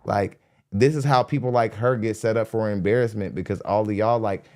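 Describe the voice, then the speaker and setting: Blunt, animated man hosting a podcast. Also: fairly low pitch, a little fast, very noisy. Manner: blunt, animated, laughing often. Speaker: podcast host reacting to a dating show clip. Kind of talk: casual commentary. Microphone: studio dynamic mic.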